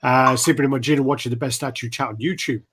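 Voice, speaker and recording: A man's voice: mid-range voice, steady tone, fast, a bit bright, a little hiss or hum. Easygoing man hosting a chat. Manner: easygoing, laughs often, reads out viewer names. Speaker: host reading live chat. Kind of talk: casual livestream chat.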